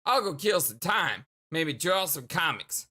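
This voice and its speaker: A man voicing an older, cool, ironic teenage boy turned sprite, talking in a laid-back deadpan way with a slightly deeper voice. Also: unhurried, slightly rough, full character voice.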